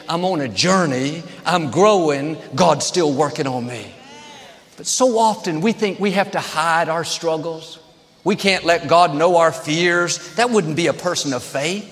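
Man, pastor, earnest sermon, emphatic rises, high voice, echoing large auditorium. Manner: earnest, rising to emphatic peaks.

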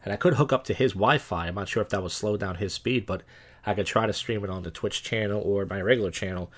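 A man's voice: fairly low pitch, quick pace. Rambling man hosting a comedy podcast. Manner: rambling, deadpan jokes, frequent fillers and restarts. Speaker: podcast host. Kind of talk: casual comedic news rundown.

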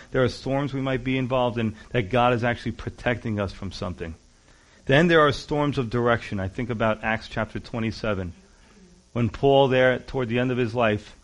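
A man preaching a sermon, pastor-style, acting out scripture quotes with rising and falling loudness. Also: medium pitch. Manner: animated preaching, acts out Bible quotes with shifting loudness.

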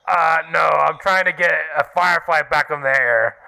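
A man puts on a gruff middle-aged male actor phoning in, his voice gravelly and strained with a hard, sharp edge, pitched a little high. He talks in a blunt, pushy way. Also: moderate pace, exaggerated voice, low-quality recording.

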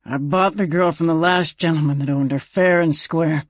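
A gruff, cold possum storekeeper, as a narrator puts him on for a storybook, talking in a blunt backwoods drawl. His voice sits a touch higher than the reading voice, and the recording is close and dry. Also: fairly even intonation, normal speed, no echo, close to an everyday voice.

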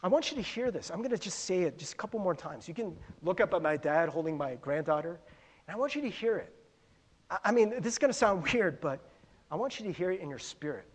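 A man's voice: high-pitched, lively intonation, quick pace, husky. A middle-aged man preaching a conversational sermon as a pastor, often stumbling over repeated words. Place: church sanctuary.

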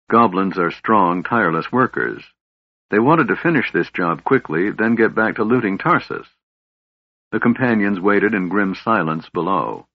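A man's voice: lowish voice, husky, no room sound, highs cut off. A man steadily narrating a fantasy audiobook with a dramatic reading.

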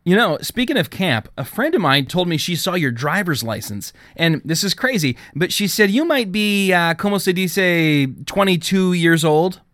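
A man voicing a hyper, teasing teenage boy who talks in a loud, excitable way, reading an audiobook. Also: sits high, moderate pace, few pauses, dry recording, studio quality, pitched above the performer's own voice.

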